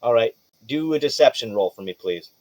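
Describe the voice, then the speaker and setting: A man's voice: mid-range voice, a little fast, no room sound. Loose-talking male game master. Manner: loose, swearing, animated narration. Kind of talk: narrating a tabletop game.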